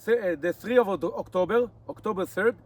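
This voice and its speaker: A man in his forties with an Israeli accent, a native Hebrew speaker, talking casually to his camera outdoors in the mountains in halting English, his mouth dry from fasting. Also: sits high. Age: 40s. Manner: rambling, restarts often, halting English. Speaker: nomad vlogger. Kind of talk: casual vlog monologue.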